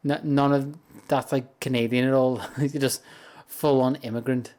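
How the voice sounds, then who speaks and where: A man's voice: mid-range voice, flat delivery, normal speed, a little mellow. Rambling British man streaming a game. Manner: rambling, self-amused, laughs often. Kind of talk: casual chat while gaming. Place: home streaming setup.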